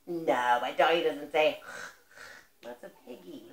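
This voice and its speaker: A woman's voice: low voice, unhurried, echoey room. A woman reading a picture book aloud to a toddler in a coaxing, sing-song voice with exaggerated baby talk. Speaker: parent.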